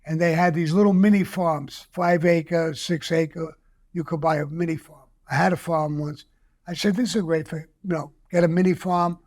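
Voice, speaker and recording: Older New man, high voice, blunt profane storyteller. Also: steady tone, moderate pace, darkish tone. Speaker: guest. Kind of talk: casual storytelling.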